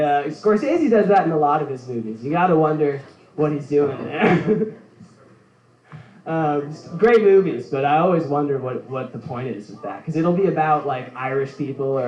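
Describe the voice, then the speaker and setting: A man's voice: fairly high pitch, a little mellow. Giggly rambling male stand-up comic. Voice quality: halting, filler-heavy delivery with frequent giggles. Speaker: stand-up comedian. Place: comedy club stage. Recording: roomy, dull live recording.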